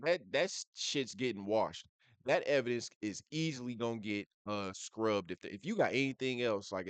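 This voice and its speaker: A man's voice: lowish voice, clean tone, no room sound. A man hosting a reaction video, talking in casual, blunt slang full of profanity, with "bruh" after nearly every thought. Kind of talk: casual commentary reacting to a clip.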